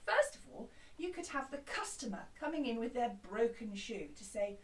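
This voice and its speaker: A woman music teacher giving a lively, encouraging lesson to young children, chanting along with them. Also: a little high, normal speed, few pauses, recorded from a distance. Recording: roomy, from off mic.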